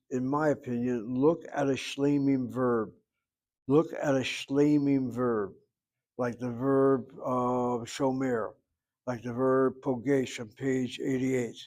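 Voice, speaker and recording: A man's voice: mid-range voice, a little mellow. A man teaching a Hebrew grammar class, explaining at length with wry asides and calling on students by name. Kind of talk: online class lecture.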